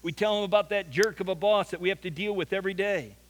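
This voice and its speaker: A man preaching a sermon to his church, with a rather high voice for a man. He tells the story earnestly and doubles back on words when he presses a point. His voice carries a long reverb from a large church hall. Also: quick pace. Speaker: pastor.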